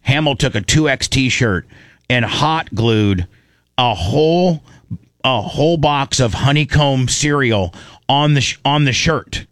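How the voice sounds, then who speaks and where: A man, a radio show host telling stories in casual chat, animated and acting out quotes. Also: medium pitch, slow, no room sound. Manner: animated storyteller, acts out quotes.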